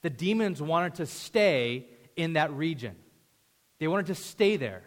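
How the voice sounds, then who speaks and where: A man preaching a sermon as pastor, emphatic and storytelling, swinging between loud declarations and hushed asides. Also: a little high, animated, measured pace. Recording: reverberant hall sound.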